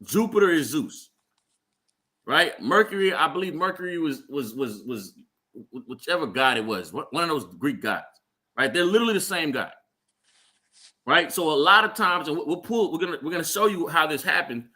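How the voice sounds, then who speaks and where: A man's voice: on the high side, animated, moderate pace, bright, forceful tone. A man leading a Bible class, explaining scripture and checking in with "right?" as he goes, often stumbling over repeated words. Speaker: Bible teacher. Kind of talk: street-style Bible class teaching. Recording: live stream.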